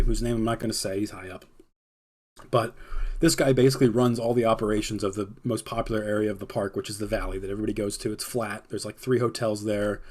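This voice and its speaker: A man's voice: lowish voice, a little mellow. Chatty young man telling a story. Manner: chatty, heavy use of "like", laughs between lines. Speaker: podcast host. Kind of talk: casual storytelling.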